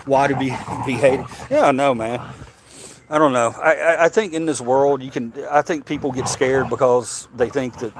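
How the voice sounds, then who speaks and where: There's background noise under this mid-range male voice. The speaker, a Southern-accented Tennessee man, runs a casual livestream where he rambles through chat, answers comments and keeps restarting with a stammer.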